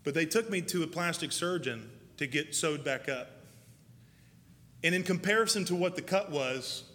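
Folksy preacher in a big hall. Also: male voice, a little high, expressive, moderate pace, a bit bright. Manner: folksy, emphatic, laughs at himself. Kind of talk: sermon. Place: church sanctuary. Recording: hall reverb, faint noise.

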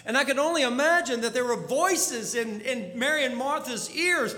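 A man preaching a sermon as a storyteller, dropping to a hush and then rising to urgent pleas. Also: very high voice, moderate pace. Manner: storytelling, swings from hushed to urgent. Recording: long hall reverb.

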